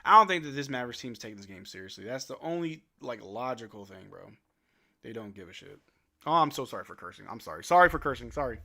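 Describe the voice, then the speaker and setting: Young male stream host, bright clear voice, loose fan play-by-play, shrugging and resigned. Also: medium pitch, animated, fast talker. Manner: laid-back, resigned, swears then apologizes. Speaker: live stream watch-along host. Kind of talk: casual fan play-by-play commentary.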